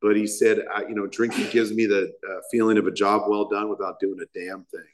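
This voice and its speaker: A man's voice: fairly low pitch, little pitch movement, fairly quick, a little hiss or hum, rough recording. A man speaking at a recovery meeting, telling a rambling, self-mocking personal story to a group. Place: meeting hall.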